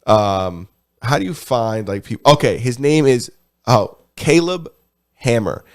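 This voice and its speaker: A man's voice: medium pitch, animated, slow. A young adult man co-hosting a casual podcast chat, talking profanely and acting out the people he quotes. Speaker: podcast co-host.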